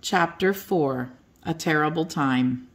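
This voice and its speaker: A woman's voice: deep voice, takes it slowly. Older woman reading a bedtime story.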